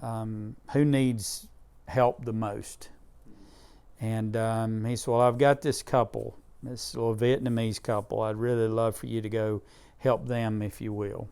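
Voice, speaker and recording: A man's voice: fairly low pitch, flat delivery, measured pace, a little mellow, smooth. A middle-aged man telling heartfelt stories about disaster relief in an interview. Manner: earnest, emotional storyteller with Southern grammar. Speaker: disaster relief charity leader. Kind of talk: interview storytelling.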